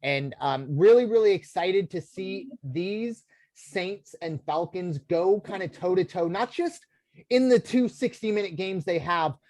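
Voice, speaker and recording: A man's voice: sits high, lively intonation, measured pace, a little mellow, dry recording. Casting: American male podcast co-host, loose rambly sports talk, lots of "um" and restarts, dry close mic. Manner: rambling, filler-heavy, many restarts.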